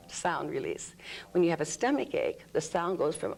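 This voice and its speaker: A woman's voice: low voice, expressive, normal speed, creaky, a little mellow, slightly rough. A woman explaining an energy healing technique in an interview, demonstrating groans, sighs and vocal sounds as she talks. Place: room under studio lights.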